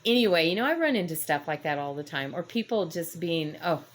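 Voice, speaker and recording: An older woman with a notably low voice shares a faith-based story casually. She rambles and restarts her sentences often, as if talking over coffee. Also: expressive, fairly quick, slight background noise. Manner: rambling, self-correcting storyteller. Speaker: host.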